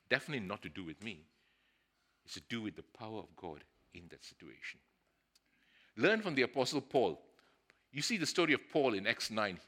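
A man's voice: fairly low pitch, pushed and bright. A man preaching a sermon in an earnest way, building to emphatic bursts.

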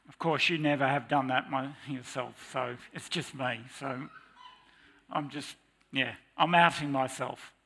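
Male preacher in a church, unhurried and earnest sermon delivery, bright tone with a gravelly edge. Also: mid-range voice, steady tone. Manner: earnest, confessional. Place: church with slides.

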